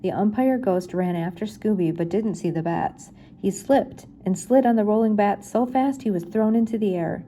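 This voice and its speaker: An older woman reading a children's chapter book aloud in a gentle, unhurried storytelling manner. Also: mid-range voice, slight background noise. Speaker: reader.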